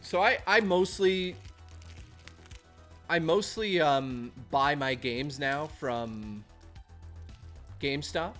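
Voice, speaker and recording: A man's voice: a little high, slow, long pauses, a bit bright, soft background music. A man streaming casually, rambling and chatting and reading out messages from his chat.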